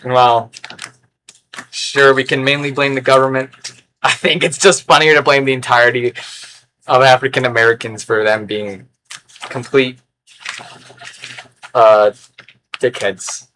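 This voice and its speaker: A man rambling through an unscripted vlog in a sarcastic, erratic way, with sudden loud outbursts. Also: mid-range voice, fairly even intonation, unhurried, pauses often, slight background noise. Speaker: record collector vlogger.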